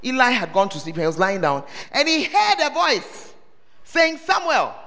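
A man preaches to his congregation in a sharp, very high voice that swoops up and down. He quizzes them directly and breaks into sudden shouts. His voice rings out with the long echo of a large hall. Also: very animated, normal speed. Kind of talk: sermon. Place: church service hall.

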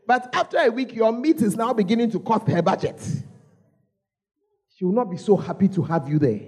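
A woman preacher with a Ghanaian English accent delivers a storytelling sermon. Her husky voice swings widely in pitch as she calls out to the congregation and repeats her points for effect. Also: animated, brisk, mellow.

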